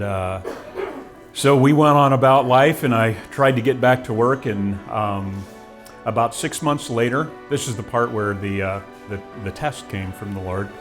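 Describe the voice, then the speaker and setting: A man in his forties giving an earnest, reflective personal testimony, with frequent restarts. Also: lowish voice. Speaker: guest telling his story.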